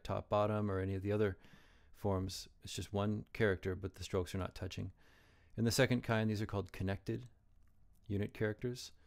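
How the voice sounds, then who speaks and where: A man teaching Chinese characters, explaining strokes and tones slowly and carefully. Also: on the low side, creaky, darkish tone. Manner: slow, careful modeling of pronunciation.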